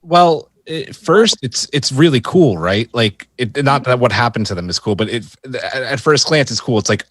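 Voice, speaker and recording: A man's voice: medium pitch, animated, normal speed, few pauses, a bit bright, no room sound. A man co-hosting a podcast, chatting casually and rambling through his thoughts. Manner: rambling, restarts mid-thought. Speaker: podcast co-host. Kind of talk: casual review chat.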